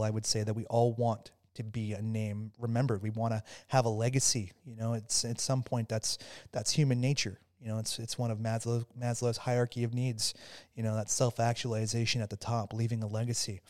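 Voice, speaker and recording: A man, a former soldier, telling a story as a podcast guest, stumbling over restarts and warming into animated retelling. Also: mid-range voice. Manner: halting, many restarts, grows animated while telling a story. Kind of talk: casual storytelling interview.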